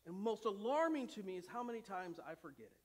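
High-voiced preacher in a reverberant church. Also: male voice, big pitch swings, fast. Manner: impassioned preaching, swings from loud to hushed. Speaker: pastor. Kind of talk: sermon. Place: church sanctuary. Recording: long reverb of a church hall.

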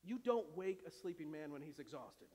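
A male pastor preaching a dramatic sermon, dropping to a hush and rising to shouts, with humorous asides. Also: on the high side, animated, normal speed, slightly rough. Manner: dramatic, swings from hushed to shouting. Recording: long hall reverb.

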